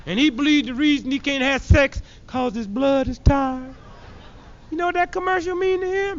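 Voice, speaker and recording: A man's voice: extremely high pitch, sing-song, moderate pace. A man performing a stand-up comedy routine with a punchy, mocking delivery that acts out characters, on a dull lo-fi 1970s archive recording.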